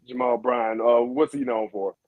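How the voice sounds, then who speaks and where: A man talking on a phone in a casual panel chat, in rapid, halting bursts with restarts. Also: mid-range voice, steady tone, no echo, phone-quality sound. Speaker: guest panelist.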